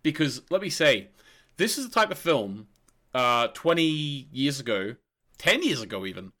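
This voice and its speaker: A man co-hosting a casual film podcast, retelling movie scenes in a rambling, animated way with lots of restarts. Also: mid-range voice, moderate pace. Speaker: podcast co-host.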